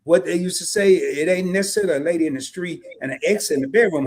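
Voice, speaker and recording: A man's voice: on the high side, quick pace, few pauses. A middle-aged man co-hosting a live stream, laid-back and slangy, talking straight to his viewers. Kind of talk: casual live stream chat.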